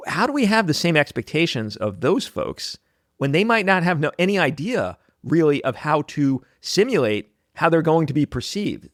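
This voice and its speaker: Man hosting, higher voice, dry sound. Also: no echo. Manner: conversational, halting restarts when asking questions. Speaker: podcast host. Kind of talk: podcast interview.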